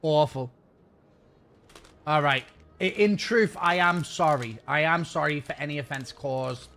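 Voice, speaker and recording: A man's voice: on the high side, unhurried, a bit bright. A man streaming a game and chatting casually with his viewers in a rambling, self-mocking way.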